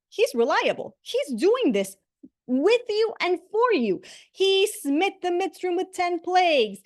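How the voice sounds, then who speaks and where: High pitched lady teaching a class, animated, says right a lot. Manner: animated, repeats herself, asks "right?" often. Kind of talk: casual spoken class.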